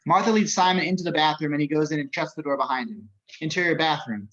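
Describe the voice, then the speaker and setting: A man reading stage directions as narrator, brisk and matter-of-fact. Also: a little high, fairly bright tone, lo-fi sound.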